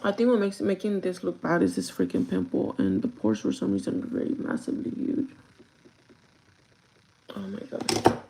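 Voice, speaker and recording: A woman's voice: on the low side, big pitch swings, moderate pace, vocal fry, pauses often, dark tone, slight background noise, rough recording. A young woman chatting casually while getting ready, cursing freely and laughing often. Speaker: vlogger. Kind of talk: casual get-ready-with-me chat.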